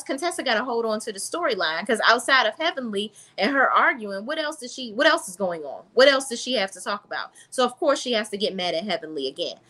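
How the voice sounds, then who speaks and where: A woman's voice: a little high, a bit bright. A woman reviewing a reality TV episode in a blunt, sassy, casual recap style, talking straight to her viewers.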